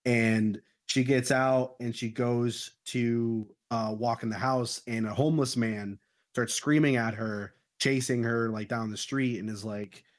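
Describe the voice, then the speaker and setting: A man on a movie review podcast walks through a horror plot in loose, profane chat. His voice sits at an ordinary middle pitch, and he tells the story with offhand slang. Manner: animated retelling with crude slang. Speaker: podcast host.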